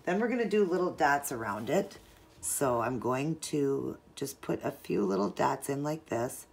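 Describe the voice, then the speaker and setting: A woman talking through a nail art tutorial in a chatty, relaxed way, explaining each step as she works. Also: rumbling low, creaky.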